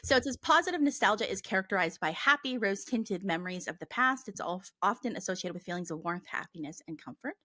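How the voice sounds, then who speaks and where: A chatty woman co-hosts a relaxed podcast conversation at a mid-range pitch. Her voice sounds dry and close, with no room around it. She talks loosely and sometimes reads text aloud. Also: fast, few pauses, dry recording. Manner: chatty, heavy use of "like", reads passages aloud. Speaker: podcast co-host and medium. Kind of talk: casual chat.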